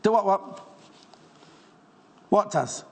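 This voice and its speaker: Man, shopping channel host, chatty live selling, gushing and rambling, fairly high voice, very animated pitch. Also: very slow. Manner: gushing, rambling, playful asides to crew.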